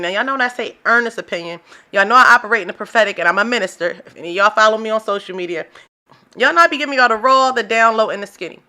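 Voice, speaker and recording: Woman podcast host and minister, slightly high, bright voice, lively and preachy. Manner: animated, preachy, joking, with laughs and African American slang. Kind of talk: casual solo podcast commentary.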